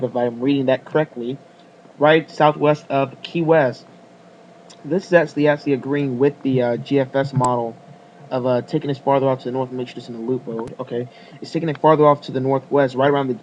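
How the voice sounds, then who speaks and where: A man's voice: medium pitch, muffled recording, a little hiss or hum. A man giving a casual weather forecast video, rambling with fillers and apologies as he works the screen.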